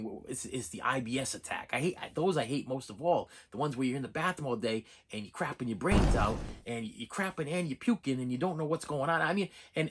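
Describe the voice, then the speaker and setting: A man's voice: medium pitch, slightly rough. A middle-aged man telling a long, rambling personal story to camera as a movie-collector vlogger, repeating himself and restarting sentences. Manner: animated, repetitive storytelling with restarts. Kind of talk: rambling casual monologue.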